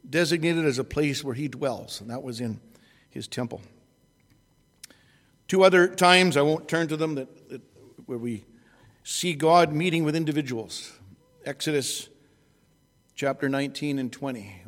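A man preaching an expository sermon at an unhurried pace, often restarting and correcting himself. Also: medium pitch, big-room sound.

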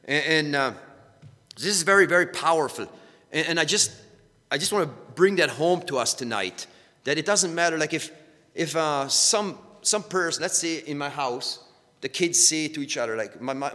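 A man's voice: a little high, a little fast, bright, forceful tone. A middle-aged man from Canada preaching a sermon, earnest, often repeating and restarting his words. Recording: hall with long reverb.

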